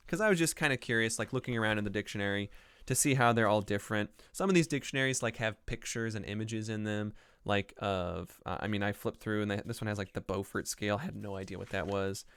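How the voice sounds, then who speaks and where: A man's voice: lowish voice, fairly bright tone, smooth, no echo. A man hosting a casual solo podcast, talking in a rambling way with frequent ums and likes. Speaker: podcast host.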